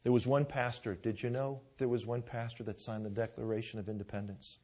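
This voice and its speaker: In a church with pews, a man preaches a fervent, conversational sermon, frequently asking the congregation "Amen?" and restarting his words as he tells a story. His mid-range voice is a little fast and a little mellow, with fairly even intonation.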